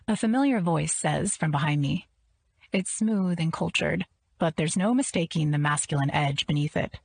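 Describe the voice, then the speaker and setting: Woman, audiobook narrator, low voice, husky, gravelly, dry close sound, first-person reading. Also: normal speed, no echo.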